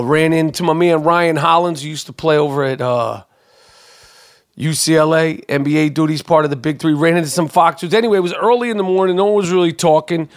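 A man hosting a podcast, telling a story casually and animatedly, with plenty of profanity, fillers and restarts. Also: on the high side. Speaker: podcast host.

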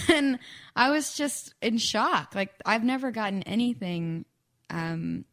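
A woman's voice: a little high, takes it slowly, a bit bright. A young woman chatting casually as a guest, with lots of fillers and acted-out quotes. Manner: chatty, frequent fillers and laughs, acts out quoted speech. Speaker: guest songwriter. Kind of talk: casual chat.

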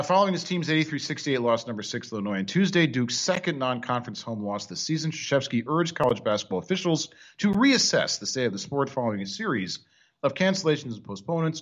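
A sarcastic man hosting sports talk radio, ranting with lively ups and downs in pitch. He sounds like he is talking into a studio microphone. The audio comes through dull and lo-fi. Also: fast talker. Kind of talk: casual sports talk banter.

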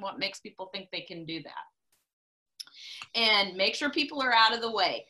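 A middle-aged woman talking casually, blunt and emphatic, often repeating herself for force. Her voice is bright and forward, sitting in the ordinary range for a woman. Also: medium pitch, animated, moderate pace, long pauses. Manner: emphatic, blunt and repetitive when preaching farm safety. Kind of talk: casual chat.

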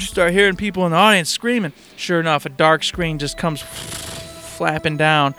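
A man co-hosting a casual chat, telling an animated story, acting out voices and laughing often. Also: high voice, fairly quick, hardly any pauses, clean tone, soft background music.

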